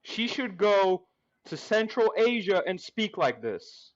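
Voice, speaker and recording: A man's voice: sits high, big pitch swings, slow. A man arguing in a heated panel discussion, mocking and profane. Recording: dull lo-fi audio.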